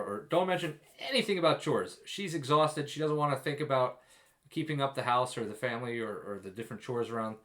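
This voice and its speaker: A man's voice: mid-range voice, a little fast, fairly bright tone. Emphatic young man giving advice. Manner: emphatic, jokey and self-deprecating. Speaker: vlogger giving advice to expecting dads. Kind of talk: casual advice vlog.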